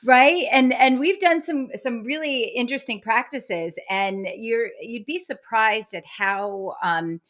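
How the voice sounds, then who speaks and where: A woman's voice: fairly high pitch, takes it slowly, hardly any pauses, a bit bright. A woman who is a guest medium, chatting cheerfully with many filler words and frequent laughs. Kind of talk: casual interview chat.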